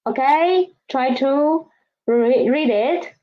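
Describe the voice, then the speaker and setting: Speaking slowly in a high-pitched voice, a woman whose first language is Vietnamese teaches beginners Chinese through repeat-after-me drills. She is patient and overemphasizes every tone she demonstrates, and the audio is a bit dull and low-fidelity.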